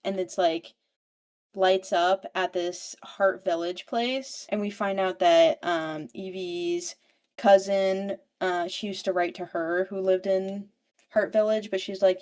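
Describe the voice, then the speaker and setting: A woman's voice: medium pitch, steady tone, slow pace, darkish tone. A woman podcast co-host recapping a book in casual chat, rambling and full of filler "like"s. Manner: rambling, filler-heavy with frequent "like".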